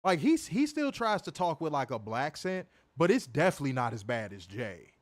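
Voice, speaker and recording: A man co-hosting a casual wrestling review podcast, animated, swearing freely and laughing often. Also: on the high side, brisk, few pauses. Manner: animated, profane, laughs a lot. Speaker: podcast co-host.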